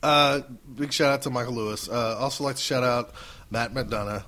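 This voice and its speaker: A man's voice: mid-range voice, normal speed, bright, forceful tone. A man co-hosting a podcast, telling jokey stories in rambling casual chat. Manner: rambling, jokey storytelling with fillers. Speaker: podcast co-host.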